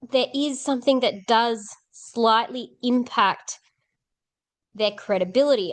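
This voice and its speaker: A young woman teaching philosophy, reading passages aloud and then explaining them in a casual way with lots of fillers. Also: on the high side. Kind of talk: explaining a philosophy text to students.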